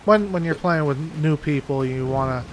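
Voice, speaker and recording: Gaming guy rambling a story, kinda high voice, laughs a bunch. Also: normal speed, slight background noise. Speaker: gaming channel host. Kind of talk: casual chat while gaming.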